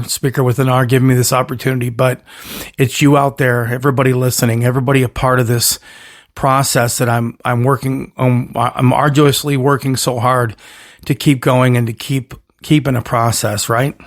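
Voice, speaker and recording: A man hosting his own solo podcast, talking in a rambling, emphatic way with punchy catchphrases and frequent self-corrections. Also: medium pitch. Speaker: podcast host.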